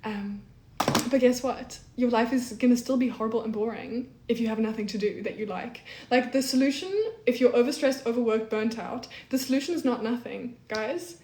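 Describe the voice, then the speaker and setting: Chatty 20s woman going live, says like a lot, bit high pitched, roomy echo. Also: moderate pace, dark tone, slight background noise. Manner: chatty, peppers speech with "like", reads chat aloud. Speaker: livestream host. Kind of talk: casual live-stream chat. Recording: echoey room.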